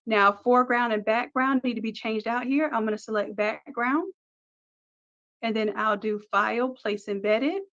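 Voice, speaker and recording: A woman teaching a design software tutorial, upbeat, talking through each click step by step. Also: fairly high pitch, normal speed, muffled recording. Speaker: design instructor. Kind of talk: screen-recorded software tutorial.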